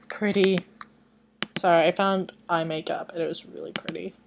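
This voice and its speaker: A woman's voice: lowish voice, steady tone, unhurried, creaky, a little hiss or hum. A woman reading fan fiction aloud at her computer with rambling, self-deprecating asides and some mumbling, on a webcam mic. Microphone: computer webcam microphone.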